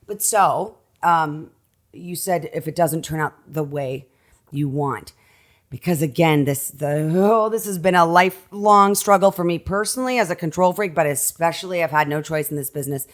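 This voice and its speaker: A woman's voice: low voice, moderate pace. A woman in her thirties, an actress guest on a podcast, talking animatedly and gesturing with her hands. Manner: animated, talks with her hands, many restarts. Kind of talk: casual conversation.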